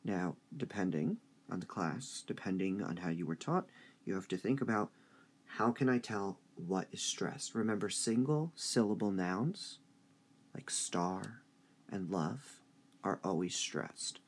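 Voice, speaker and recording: A man teaching a high school English review lesson, speaking slowly and deliberately and drawing out stressed syllables. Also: lively intonation, husky.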